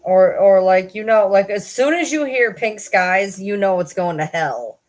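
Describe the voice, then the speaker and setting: A woman's voice: mid-range voice, lively intonation, measured pace, darkish tone. A woman, chatting casually on a live stream, rambling and swearing with frequent laughs. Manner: rambling, swears, laughs often, self-deprecating.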